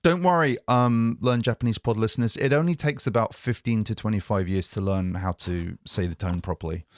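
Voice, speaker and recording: A man's voice: on the low side, a little fast, no echo, clean studio sound. A man co-hosting a casual language-lesson podcast, chatty and joking about himself. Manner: joking, self-mocking, chatty. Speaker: podcast co-host.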